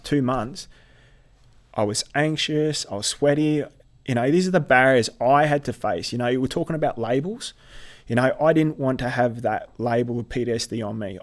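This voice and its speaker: A middle-aged man, a military veteran telling his story in an earnest, halting way with many restarts. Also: medium pitch. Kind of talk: personal storytelling in conversation.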